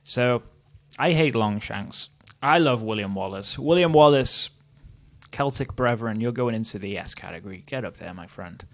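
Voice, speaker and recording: A man's voice: mid-range voice, expressive, moderate pace. A Welsh man from Wales giving casual, opinionated commentary as the host of a history channel, thinking aloud as he goes. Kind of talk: casual tier-list commentary.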